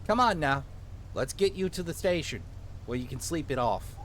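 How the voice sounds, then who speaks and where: A man voicing an exasperated small-town male police chief with a put-on Minnesotan accent, barking hurried orders. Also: on the high side, lively intonation, slight background noise, close to an everyday voice. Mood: stern. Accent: put-on vaguely Minnesotan.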